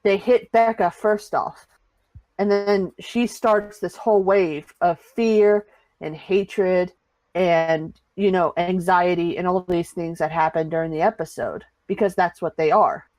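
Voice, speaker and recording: A woman's voice: lowish voice, a little slow, a little mellow, dry recording, rough recording. A woman guest on a review podcast, talking with dry, teasing sarcasm. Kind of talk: casual review chat.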